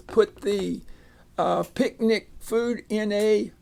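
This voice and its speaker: Man, reading teacher, patient phonics lesson, gravelly, slow delivery. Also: sits high, dark tone. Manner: patient, sounds out words and repeats them.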